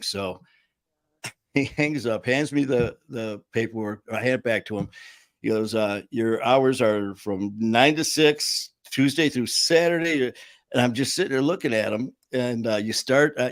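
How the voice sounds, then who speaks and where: A man's voice: mid-range voice, no room sound. A man hosting a casual talk, telling a story with lots of fillers, laughs and acted-out quotes. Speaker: show host.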